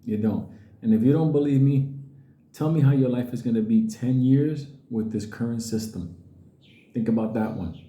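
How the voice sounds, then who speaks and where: A man's voice: medium pitch, moderate pace, dark tone, roomy sound. A middle-aged man ranting casually to his viewers, blunt and profane, who often mimics other people's voices. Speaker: crypto video host.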